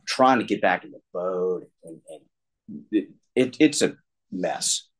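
A man's voice: low-pitched, expressive, slow pace, poor audio. A middle-aged man candidly telling a personal story, rambling and self-deprecating, often restarting his sentences. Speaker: guest sharing recovery story.

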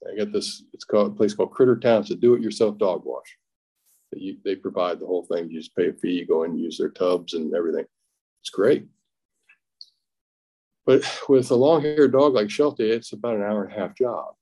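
A middle-aged man tells his own story at a recovery meeting in a plainspoken, halting way, often restarting and acting out what was said. His voice sits very low and sounds dark and mellow. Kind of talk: personal testimony at a recovery meeting.

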